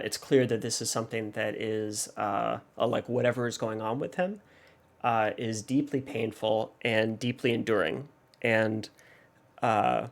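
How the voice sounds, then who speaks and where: A man hosts a reaction video, working through a song with casual analysis. His mid-range, creaky voice thinks aloud hesitantly, full of pauses and fillers.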